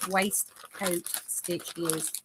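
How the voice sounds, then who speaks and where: A woman's voice: on the low side, fairly even intonation, drawn-out words, background noise. A woman hosting a casual live chat, reading viewer comments aloud as she crochets. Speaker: host.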